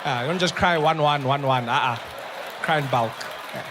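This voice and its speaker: A man's voice: moderate pace, a crowd in the background, noisy background. A man from South Africa performing a stand-up comedy set, telling stories and acting out the people in them. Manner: animated storytelling, acts out voices with big pitch jumps.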